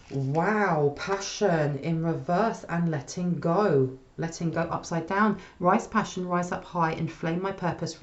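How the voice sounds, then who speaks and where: Low-voiced woman reading tarot, echoey. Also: darkish tone, dull audio, slight background noise. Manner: chatty, frequent "okay?" check-ins. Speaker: tarot reader. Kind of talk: casual spoken tarot reading.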